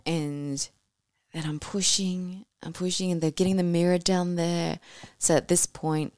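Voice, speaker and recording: A woman telling her birth story as a podcast guest, animated and casual, swearing freely and acting out what she said at the time. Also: fairly low pitch, a little slow, clean tone, no room sound, studio quality. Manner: animated, swears casually, acts out her own past words.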